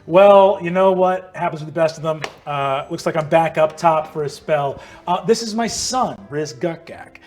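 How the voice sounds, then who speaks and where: A man's voice: fairly high pitch, normal speed, hardly any pauses, a little mellow, soft background music, lightly acted. A man voicing an easygoing middle-aged spy father who talks in a folksy, fatherly way. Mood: proud. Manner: laid-back, folksy and fatherly.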